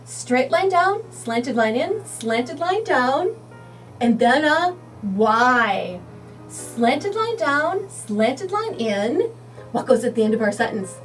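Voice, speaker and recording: A woman teaching young children to read, sounding out letters and words slowly and encouragingly. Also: sits high, recorded from a distance. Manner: slow, sing-song, sounding out letters. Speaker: early reading teacher. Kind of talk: children's phonics lesson.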